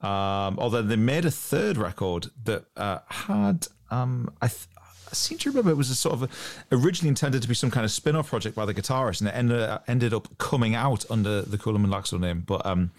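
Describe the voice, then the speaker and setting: A man's voice: medium pitch, expressive, fairly quick. A man co-hosting a podcast in casual chat, hesitant, with many restarts. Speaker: podcast co-host.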